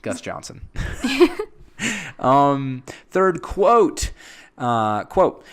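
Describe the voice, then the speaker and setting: A man's voice: mid-range voice, very slow, pauses often, clear, resonant tone. A young man co-hosting a podcast, chatting casually with a playful, teasing manner. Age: young adult. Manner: playful, teasing, jokes deadpan. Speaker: podcast co-host.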